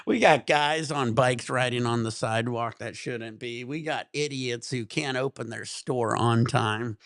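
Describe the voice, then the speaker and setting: Man, livestream host, gravelly voice, dry sound, exasperated, profane ranting. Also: medium pitch, a little slow, hardly any pauses, a bit bright, no room sound.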